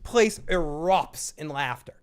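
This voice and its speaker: A man's voice: fairly high pitch, lively intonation, slow pace, clean tone. Profane rambling man recapping a show. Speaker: TV show reviewer. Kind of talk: casual recap chat.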